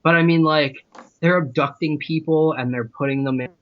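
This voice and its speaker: A man's voice: a little high, steady tone, moderate pace. A man on a podcast panel, talking in an easygoing, enthusiastic way. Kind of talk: casual roundtable chat. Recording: slightly muffled podcast audio.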